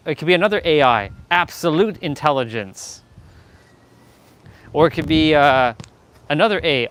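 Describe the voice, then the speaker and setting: A man's voice: on the high side, clear, resonant tone. Playful rambling Southern American man. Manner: playful, rambling, talks to chat, laughs often. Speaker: live streamer. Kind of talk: casual live stream chat.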